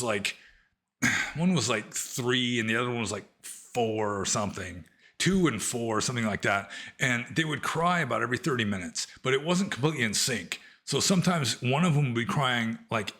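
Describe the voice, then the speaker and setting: A man's voice: lowish voice, bright, forceful tone. A middle-aged man and former monk, casually answering listener questions in a rambling, conversational way. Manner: rambling, conversational, many fillers. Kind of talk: casual Q&A talk.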